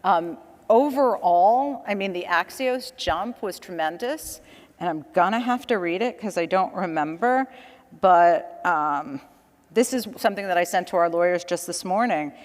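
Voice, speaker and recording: A woman's voice: lowish voice, measured pace, in a large hall. A woman speaking as a guest on a conference panel, a chatty storyteller who laughs between her points. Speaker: panel guest, communications director. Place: conference stage.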